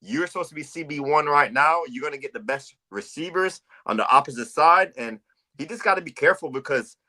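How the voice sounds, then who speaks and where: A man's voice: fairly high pitch, expressive, a little fast, sharp tone. A man co-hosting a football podcast, talking casually and animatedly, with frequent stammered restarts. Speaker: podcast co-host. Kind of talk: casual football scouting talk.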